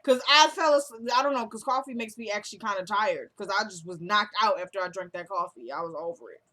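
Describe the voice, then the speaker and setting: A woman's voice: mid-range voice, animated, fast talker, sharp tone. A chatty woman recapping a TV episode in casual talk, acting out the characters' lines as she goes. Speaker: recap vlogger.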